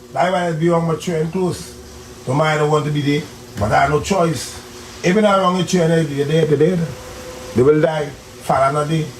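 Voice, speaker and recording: A man's voice: fairly high pitch, echoey room, slight background noise, poor audio. A man being interviewed on the street, giving earnest, preachy advice.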